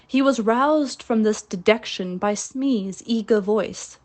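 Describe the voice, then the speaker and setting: Slow-reading woman narrator. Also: on the high side. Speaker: audiobook reader. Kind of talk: storybook narration.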